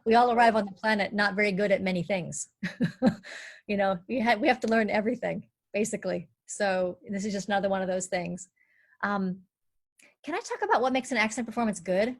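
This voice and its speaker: A woman who works as a dialect coach, explaining in clear steps and with a lively delivery during a live online panel talk. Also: mid-range voice, a little fast.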